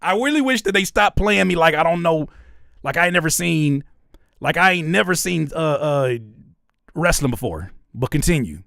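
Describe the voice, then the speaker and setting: A man talks loosely through a reaction video, joking back at his viewers as he goes. His pitch moves a lot and the sound is close and dry, with no room around it. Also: animated, moderate pace, gravelly, fairly bright tone, no room sound. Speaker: rapper and YouTuber reacting to videos. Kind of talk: casual reaction commentary.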